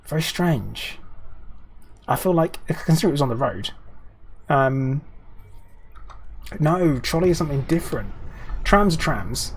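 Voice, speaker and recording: A man's voice: fairly high pitch, lively intonation, normal speed, pauses often, a little hiss or hum. A British man streaming a game, chatting casually with viewers in a rambling way with lots of ums and restarts.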